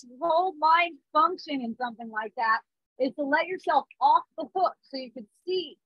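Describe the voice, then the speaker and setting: This spiritual teacher, a woman in her thirties, speaks earnestly in a high-pitched voice, restarting in small ways and frequently checking in. The phone or device mic gives a dry, dull recording.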